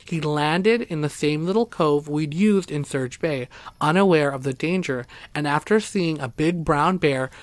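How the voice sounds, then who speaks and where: A man reading a first-person story aloud as narrator, in a steady, even storytelling manner. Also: on the high side, a little slow, no room sound. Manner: steady, even storytelling, voicing quoted speakers.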